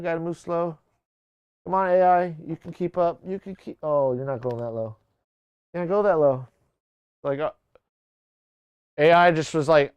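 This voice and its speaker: A man's voice: fairly high pitch, unhurried, long pauses, darkish tone, clear, resonant tone, no room sound, highs cut off. A man hosting a livestream in casual, joking chat, talking to his tracking camera. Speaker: livestream host.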